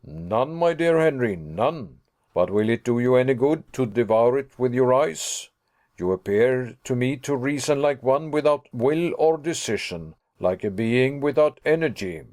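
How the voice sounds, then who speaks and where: A man's voice: medium pitch, expressive, a little slow, a little mellow, natural voice. A man voicing a composed older professor who speaks firmly and lectures. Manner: firm, lecturing.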